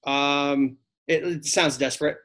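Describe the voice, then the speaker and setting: A man's voice: fairly high pitch, fairly even intonation, unhurried, a bit bright. A man on a coaching call, giving short, hesitant answers to his coach.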